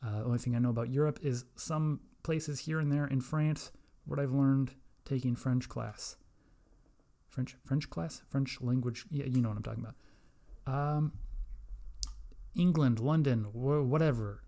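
A young man talks alone into his mic, hosting a loose podcast. His tone is mellow and relaxed, and he rambles and swears often, poking fun at himself and his listeners. His pitch sits in the middle. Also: vocal fry. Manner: profane, rambling, self-mocking. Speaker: podcast host. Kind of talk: casual solo podcast rant.

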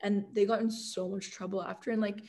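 A young woman from Canada telling stories in a casual interview, chatty and animated, full of "like" fillers and laughter. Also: mid-range voice, fairly quick. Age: young adult. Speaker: guest, college football kicker.

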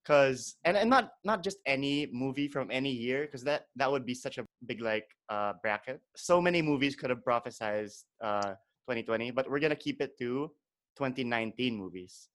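A male podcast host opens his show in a loose, chatty way, dropping fillers and breaking into laughter. His voice sits at a middle pitch, and he talks to his guest over a webcam call. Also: lively intonation, normal speed, fairly bright tone. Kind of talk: casual podcast chat.

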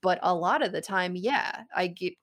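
A woman's voice: on the low side, moderate pace, fairly bright tone. A woman co-hosting a podcast, talking at length in casual chat and laughing easily.

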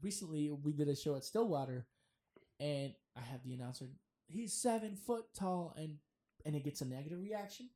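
Casual male podcast guest, animated storyteller, curses a lot, acts out quotes. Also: fairly high pitch, fairly quick. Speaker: guest wrestler.

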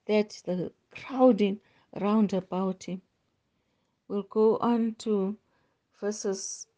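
A woman hosting a devotional, slowly reading Bible passages aloud with small stumbles. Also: a little high, dark tone. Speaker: devotional host. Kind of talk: slow scripture reading.

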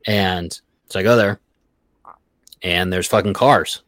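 A young man telling a profane, animated workplace story in casual podcast talk, acting out his coworkers' lines. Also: sits low, slow, no room sound. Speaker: podcast guest.

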